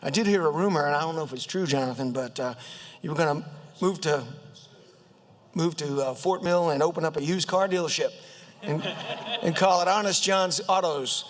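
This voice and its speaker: A man with a Southern accent introducing a colleague in a humorous floor speech, halting with many fillers and jokes, his voice high and a bit squeaky. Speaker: state legislator introducing a colleague. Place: state house chamber. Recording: long reverb of a legislative chamber.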